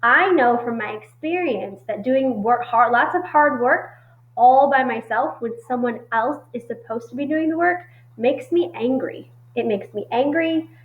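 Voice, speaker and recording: A woman teacher giving a recorded reading lesson to children, explaining in a friendly way with frequent pauses and fillers. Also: a little high. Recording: echoey muffled room recording.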